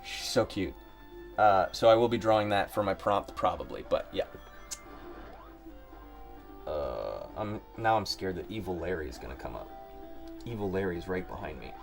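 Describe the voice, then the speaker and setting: A man's voice: low voice, very animated, moderate pace, vocal fry, long pauses, faint music behind. A man from Ohio chatting casually on a live stream, rambling and joking as he works. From Ohio, United States. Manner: rambling, joking, talks to himself. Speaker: livestreaming artist.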